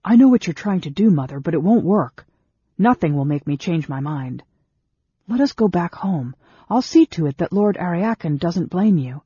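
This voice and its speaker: A man putting on a haughty young dark knight. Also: high-pitched, expressive, moderate pace, slightly rough, no room sound, dull audio, voice pushed up, exaggerated voice. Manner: cold, proud and triumphant.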